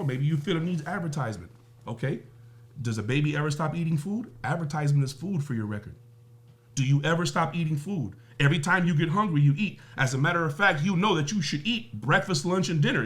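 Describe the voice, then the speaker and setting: A music business guest on a podcast speaks with a fairly high, slightly bright voice. He's emphatic and profane in the interview, firing off rhetorical questions and everyday analogies.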